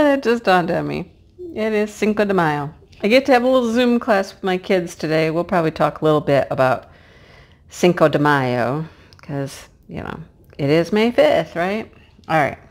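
A middle-aged woman chatting casually while she crafts, her voice hoarse and cracking, sometimes dropping to a hush as she works. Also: lowish voice. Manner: chatty and homey, drops to a hush while placing pieces. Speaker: crafting vlogger and teacher. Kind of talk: casual chat while diamond painting.

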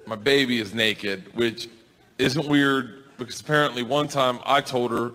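A man doing stand-up storytelling on a club stage, rowdy and profane, often shouting. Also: medium pitch, steady tone, measured pace. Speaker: stand-up comedian. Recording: stand-up club, crowd laughter, noise.

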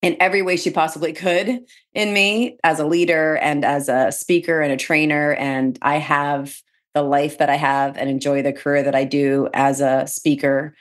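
A middle-aged woman with a notably low-pitched voice tells stories as a podcast guest. She talks in an animated, chatty way, laughing often and restarting her sentences. She is a real estate speaker and trainer from New Jersey. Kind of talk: casual interview chat.

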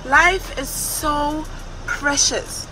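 A woman's voice: high voice, drawn-out words, sharp tone, faint music behind, low-quality recording. A young woman telling a personal story in a storytime vlog, speaking candidly and emotionally. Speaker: vlogger.

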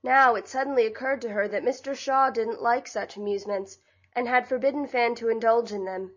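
A woman reads a classic novel aloud in a measured, scripted narration. Her voice sits somewhat high. The recording is slightly dull and lo-fi. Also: steady tone. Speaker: audiobook narrator.

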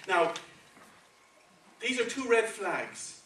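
A man with a Spanish accent gives a sermon in a conversational manner, repeatedly checking in with his congregation through "okay" and "right." His high, sharp voice is very animated yet extremely slow. The recording is distant and echoey in a church sanctuary, with slight background noise.

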